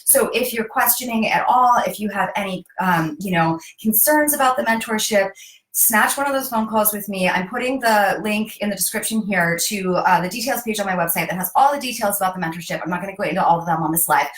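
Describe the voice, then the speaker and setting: A woman coach hosts a casual live stream and talks listeners through her program in a reassuring, encouraging voice. She draws out her most important phrases slowly. The room gives her voice a clear echo. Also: medium pitch, a bit bright. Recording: roomy echo.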